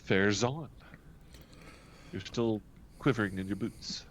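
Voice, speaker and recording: A man running a tabletop game as game master, laid-back and animated as he narrates and makes rulings. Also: on the low side, slow pace, a little hiss or hum.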